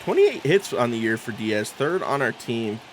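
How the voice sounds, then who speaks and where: A man's voice: medium pitch, sing-song, moderate pace, background noise. A man hosting a gaming channel, giving exasperated let's-play commentary as he talks to himself about the match.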